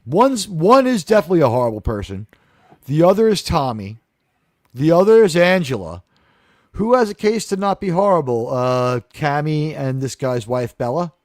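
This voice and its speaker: Animated man hosting a live show chat. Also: a little high, moderate pace, no room sound, clean studio sound. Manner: animated, acts out quotes in funny voices. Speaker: host of a TV review discussion. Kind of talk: casual chat, recapping an episode.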